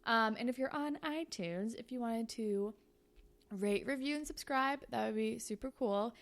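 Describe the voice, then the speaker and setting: A woman hosting a casual podcast, chatty and rambling, with "like" sprinkled all through her sentences. Her voice sits fairly high and moves easily through a story. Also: a little slow. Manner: chatty, frequent "like" fillers, storytelling. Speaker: podcast host.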